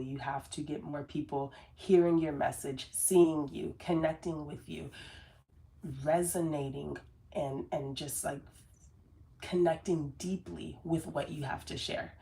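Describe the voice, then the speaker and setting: A woman with a low, darkish voice gives a casual motivational talk to camera as a business coach. Earnest and rambling, she uses many fillers and restarts and describes herself as very sensitive.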